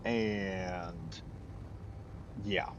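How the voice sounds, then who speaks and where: A man's voice: sits low, drawn-out words, muffled recording, slight background noise. A man from the United States giving rambling, chatty commentary while streaming a game, laughing easily. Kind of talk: casual gameplay commentary.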